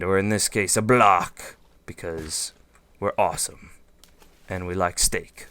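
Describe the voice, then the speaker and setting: Low-voiced guy narrating his game build, smooth clean voice, rambly and goofy, lots of ums. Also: steady tone, moderate pace, fairly bright tone. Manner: thinks aloud, rambling with fillers and goofy asides. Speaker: let's play host. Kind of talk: casual gameplay commentary.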